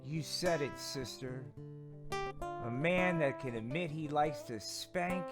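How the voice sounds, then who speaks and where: A man doing a sassy low-voiced female puppet. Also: takes it slowly, music in the background.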